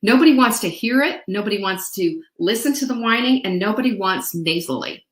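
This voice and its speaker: A woman's voice: medium pitch, lively intonation, brisk, roomy sound. A woman hosting a motivational show, talking in a playful, chatty way to her viewers and dropping into sung snippets and mimicked voices. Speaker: host. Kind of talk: upbeat motivational talk.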